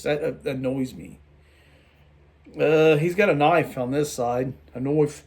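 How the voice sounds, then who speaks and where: A tired man rambling through a casual toy review vlog late at night, halting and restarting his sentences. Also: fairly high pitch, creaky, a little mellow. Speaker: toy collector vlogger.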